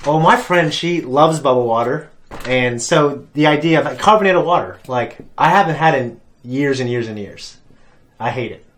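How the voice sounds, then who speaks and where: A man's voice: medium pitch, lively intonation, normal speed, a bit bright. A man, hosting a casual reaction-show chat and telling stories with lots of laughter and fillers. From Ohio. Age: adult parent. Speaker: reaction channel host.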